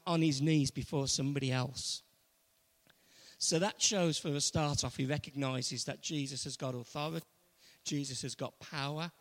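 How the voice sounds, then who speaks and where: A man's voice: a little high, gravelly, husky. A man preaching a sermon, retelling a story with emphatic repetition. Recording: long reverb of a large hall.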